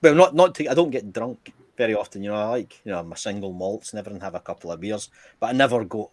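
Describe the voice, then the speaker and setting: A man's voice: fairly low pitch, animated, fast talker, no room sound. A man on a live stream, swearing freely as he tells stories in casual chat. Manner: swears freely, tells anecdotes with acted quotes. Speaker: guest.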